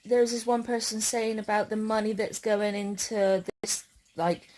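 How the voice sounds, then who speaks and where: A young woman vlogging in a casual chat, speaking hesitantly with many pauses and fillers. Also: mid-range voice, steady tone, darkish tone, poor audio. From England.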